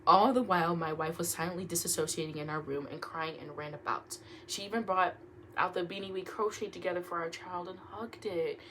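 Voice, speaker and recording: With slight background noise in her room at home, a young woman casually reads online stories aloud at a slightly fast clip. Her fairly low voice is animated, she stumbles over words, and she keeps pausing to react with laughs and jokes.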